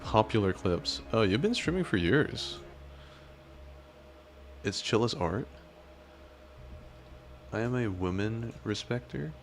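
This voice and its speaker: A man's voice: on the low side, animated, slow pace, pauses often, faint music behind. A man streaming, chatting casually as he reacts to clips, with a teasing, crude, mock-menacing manner.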